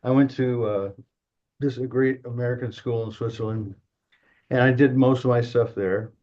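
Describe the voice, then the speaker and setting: A man's voice: medium pitch, fairly even intonation, normal speed, darkish tone, lo-fi sound. Chuckling older man telling stories. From Detroit. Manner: chuckling, rambling anecdotes. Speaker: guest, drum company co-founder. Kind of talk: casual storytelling.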